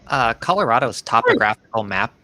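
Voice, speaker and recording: A man's voice: mid-range voice, huge pitch swings, a little fast, bright, forceful tone. A man chatting casually over a video call during a soccer watch party, joking and bantering about the match. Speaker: soccer supporters' group member.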